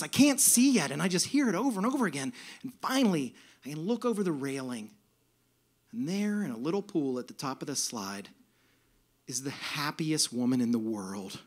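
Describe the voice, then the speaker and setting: Animated male storyteller on stage. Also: on the high side. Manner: animated, comic, self-mocking. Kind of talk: live personal storytelling. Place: stage at a music venue.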